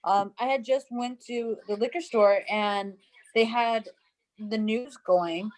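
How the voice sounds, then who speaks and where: A woman's voice: a little high, steady tone, slow pace, low-quality recording. A woman chatting casually on a panel show, telling a story and acting out the quotes. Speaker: co-host.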